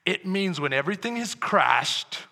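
A man preaching a sermon as pastor, moving from quiet talk to loud, shouted preaching. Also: high-pitched, very animated, measured pace, vocal fry. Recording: echoey hall with long reverb.

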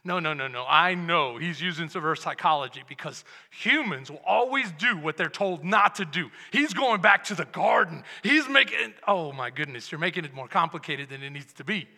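A male pastor from Texas preaching a sermon, moving from soft, intimate passages to loud, shouted passion. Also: a little high, expressive, moderate pace, vocal fry, hardly any pauses. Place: church sanctuary. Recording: long hall reverb.

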